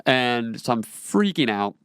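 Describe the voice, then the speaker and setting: A man's voice: medium pitch, very animated, measured pace, fairly bright tone, clean tone, no room sound, studio quality. A man in his twenties, a podcast host, telling a personal story in a casual, rambling way with lots of fillers and restarts.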